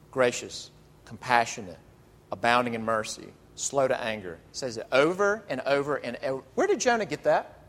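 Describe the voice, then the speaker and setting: A male pastor delivering an animated, emphatic sermon, drawing out key phrases. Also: mid-range voice. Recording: long reverb of a large hall.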